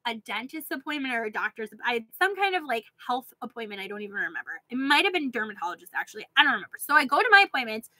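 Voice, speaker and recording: A woman with a high, bright voice tells a rambling personal story straight to camera. She talks in a chatty, filler-heavy way and keeps breaking into laughter. The close mic gives a dry sound. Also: very animated, very fast, few pauses, no room sound, poor audio. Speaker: vlogger. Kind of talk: casual storytelling rant.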